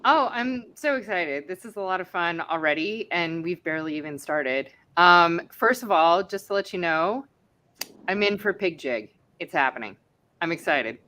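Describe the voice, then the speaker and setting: A woman's voice: fairly low pitch, normal speed, pushed and bright. A woman chef appearing as a podcast guest, talking in an upbeat, casual way.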